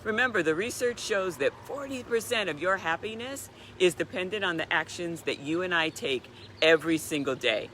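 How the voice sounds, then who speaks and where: Animated woman in her sixties, bright voice. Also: on the low side, normal speed, a little hiss or hum. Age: 60s. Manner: animated, chatty storyteller. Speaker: wellness speaker. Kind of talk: live-stream motivational talk.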